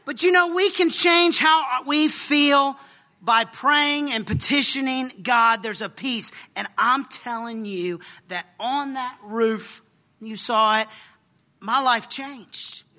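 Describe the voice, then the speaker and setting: A middle-aged man preaches in a loose, animated way, laughing and dropping casual slang as he talks through slides. His voice sits very high and sounds strikingly bright. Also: takes it slowly. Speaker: speaker sharing a mission trip story. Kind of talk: informal sermon with slides.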